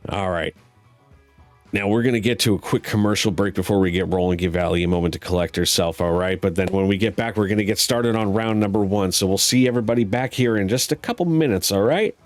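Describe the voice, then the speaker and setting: Low-voiced joking game show host. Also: male voice, quick pace, no echo, soft background music. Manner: joking, teasing, bawdy patter. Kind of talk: streamed game show hosting.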